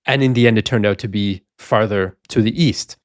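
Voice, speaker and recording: A podcast co-host on a history show lays out background context at length during a discussion, in an explanatory manner. His voice sits on the low side, at normal speed, with a clean tone and no echo.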